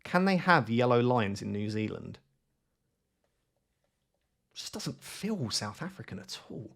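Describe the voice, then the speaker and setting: A man giving live gameplay commentary, thinking aloud in an excitable, self-questioning way. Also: mid-range voice, slow, vocal fry. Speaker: gaming YouTuber.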